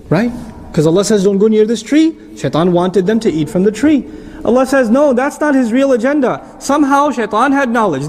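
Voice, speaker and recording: A middle-aged man preaching a sermon-style lecture, explaining with rhetorical questions and turning animated at times. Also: high voice. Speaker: Islamic preacher.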